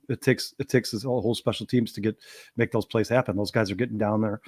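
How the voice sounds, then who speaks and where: Fast-talking excitable sports talk man. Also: fairly low pitch, breathy edge. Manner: excitable, rapid, repeats himself. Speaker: sports show co-host. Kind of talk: casual sports chat.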